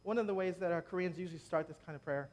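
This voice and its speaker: A man's voice: sits high, racing, darkish tone. A man preaching a sermon in a conversational way, making joking asides to the congregation at a church gathering. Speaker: preacher leading prayer.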